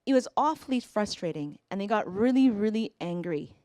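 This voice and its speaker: A woman's voice: medium pitch, expressive, normal speed, dark tone, dry recording, clean studio sound. A woman in her forties telling a personal family story, earnest and reflective, acting out bits of dialogue.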